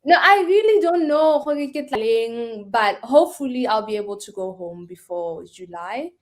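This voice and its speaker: A woman, a guest in a casual interview, chatty and quick to laugh. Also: on the high side, lively intonation. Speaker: guest, scholarship founder. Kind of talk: casual interview chat mixing in Setswana.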